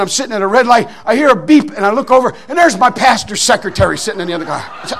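A middle-aged man preaching a Baptist sermon in a folksy, animated way, repeating phrases and restarting his words. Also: sits high, fast talker, hardly any pauses.

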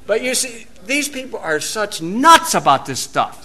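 A man's voice: high voice, sing-song, measured pace, sharp tone. A man with an American accent giving an informal, folksy Bible teaching outdoors, wandering into asides and rising to emphatic preaching.

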